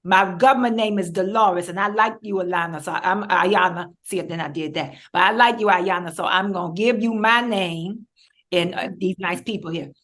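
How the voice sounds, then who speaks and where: A woman's voice: lowish voice, moderate pace, fairly bright tone, close to an everyday voice. A woman putting on a sassy, proud subway lady. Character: sassy older woman commuter, proud, demanding respect.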